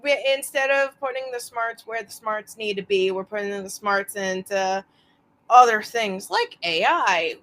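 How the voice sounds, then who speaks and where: A woman photographer talking as a guest on a casual podcast, relaxed and conversational. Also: a little high, unhurried, poor audio.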